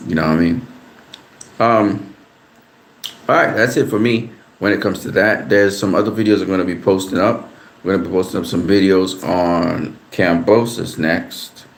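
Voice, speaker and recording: A man's voice: deep voice, normal speed, reverberant, a little hiss or hum. A man, giving a casual, rambling boxing analysis as the host of his own channel. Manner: relaxed, rambling, repeats words. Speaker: boxing commentator.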